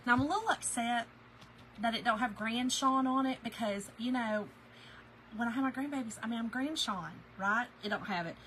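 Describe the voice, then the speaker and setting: A woman's voice: on the high side, moderate pace, fairly bright tone, slight background noise, rough recording. A middle-aged woman hosts a casual craft live stream, chatting and gushing while reading viewer comments.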